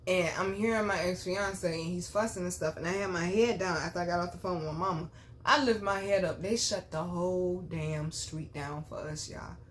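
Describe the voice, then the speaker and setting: A woman vlogger telling her own story to viewers, blunt and full of swearing, dropping to low murmurs and then bursting out loud. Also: normal speed, a little hiss or hum. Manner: blunt, profane, animated storytelling. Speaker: spiritual reader and vlogger. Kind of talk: candid storytime chat to viewers.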